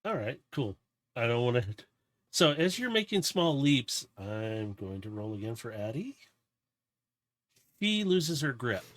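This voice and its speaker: A man's voice: medium pitch, very animated, measured pace, pauses often, a bit bright. A man narrating as game master of a tabletop game, loose and rambling with restarts.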